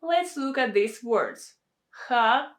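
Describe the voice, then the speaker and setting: Russian-accented woman tutor, fairly high voice, slow, deliberate drilling delivery. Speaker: Russian language teacher. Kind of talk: pronunciation lesson.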